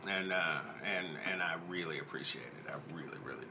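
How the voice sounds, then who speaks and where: Male podcast host, low voice with a bright edge; earnest, stop-start casual chat. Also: vocal fry, slight background noise. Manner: halting, heartfelt, many restarts.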